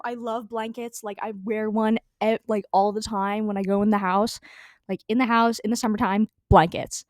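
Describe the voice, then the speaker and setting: A woman's voice: mid-range voice, fairly even intonation, a little fast, a little mellow, dry recording, clean studio sound. Rambling, swearing young woman. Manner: rambling, profane, many fillers and restarts. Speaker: storytelling vlogger. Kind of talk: casual storytime.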